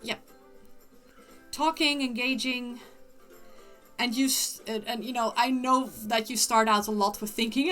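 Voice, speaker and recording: A woman's voice: on the high side, measured pace, fairly bright tone, soft background music. A woman livestreamer chatting casually with viewers, rambling with lots of restarts. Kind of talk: casual chat.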